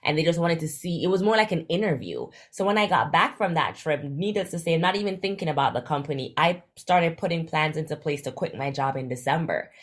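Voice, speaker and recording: Lively woman telling her story. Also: a little fast, hardly any pauses. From Jamaica. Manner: animated, acts out quoted dialogue with big jumps in pitch. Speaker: guest, travel influencer. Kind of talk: casual storytelling interview.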